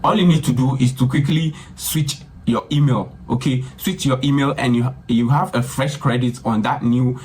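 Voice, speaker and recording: A man's voice: medium pitch, moderate pace, few pauses, darkish tone, slight background noise. Casual man walking through a tutorial. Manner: casual, repetitive, keeps addressing viewers as guys. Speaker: tutorial host. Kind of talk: screen-recorded software tutorial.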